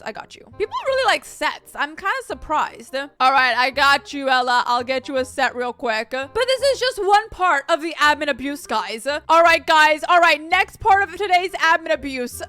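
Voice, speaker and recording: Bubbly high-voiced young woman gamer. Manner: bubbly, excitable, gasps and giggles often. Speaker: gaming YouTuber. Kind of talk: casual gameplay commentary.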